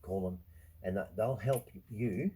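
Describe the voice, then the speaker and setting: A man's voice: fairly low pitch, mellow, slight background noise, low-quality recording. A middle-aged Australian man, host of his own show, swearing constantly through a ranting, blunt monologue. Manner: swears constantly, rants, quick to anger. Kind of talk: profane monologue.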